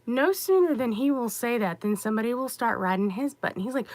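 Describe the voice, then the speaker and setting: A middle-aged woman hosting a podcast, telling stories in a casual monologue that rises high when she gets exasperated. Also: fairly quick, few pauses, no echo. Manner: animated storyteller, rising high when exasperated. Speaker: podcast host.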